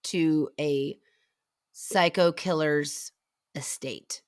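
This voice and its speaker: A middle-aged woman co-hosting a casual comedy podcast in a playful manner, quick to slip into impressions. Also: low-pitched, no echo, clean studio sound. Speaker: podcast co-host.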